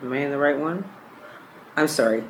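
A course trainer walks a class through phone skills for caregivers, working page by page through a training book. The voice sits in a middle pitch and reads each example aloud, often repeating or correcting a word along the way. Faint room noise hums underneath. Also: normal speed.

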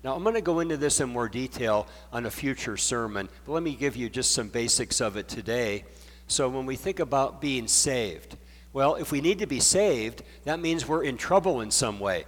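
A male pastor teaches in a relaxed, conversational way, earnest and plain. His voice sits mid-range for a man, and a long reverb trails after each phrase. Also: medium pitch. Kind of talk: sermon.

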